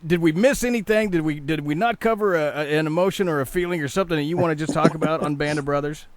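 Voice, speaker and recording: A man's voice: on the high side, fast. A man hosting an interview, asking questions in an eager, joking way. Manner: enthusiastic, joking. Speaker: podcast host. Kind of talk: casual interview chat.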